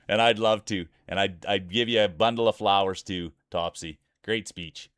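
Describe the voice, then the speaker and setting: A man with a Canadian accent from Saskatchewan, hosting a live stream and calling marble races with energetic, hyped announcer-style banter aimed at his chat. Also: on the low side, normal speed, hardly any pauses, smooth, dry recording.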